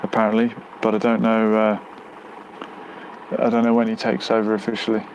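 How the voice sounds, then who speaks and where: A man's voice: fairly low pitch, completely flat delivery, fairly quick, a little mellow, slight background noise, rough recording. A man hosting a casual live stream outdoors near a road, reading out viewer comments and musing aloud with lots of fillers. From United Kingdom.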